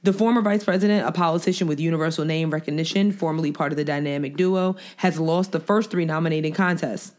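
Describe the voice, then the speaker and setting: A woman's voice: low-pitched, fairly even intonation, fast talker, hardly any pauses, darkish tone. Woman, podcast co-host, casual chat, chatty, joking. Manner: chatty, laughs easily, reads news aloud. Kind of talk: casual chat about politics.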